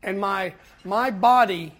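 A man's voice: sits high, a bit bright. Earnest man telling his recovery story. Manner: earnest storytelling with pauses and repeats. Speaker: speaker at a twelve-step fellowship meeting. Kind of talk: personal recovery talk to a meeting.

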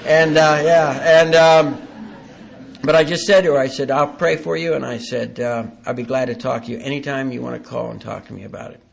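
A man giving a halting, earnest personal testimony at a recovery meeting, with dry self-deprecating humor. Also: medium pitch, fairly even intonation, gravelly.

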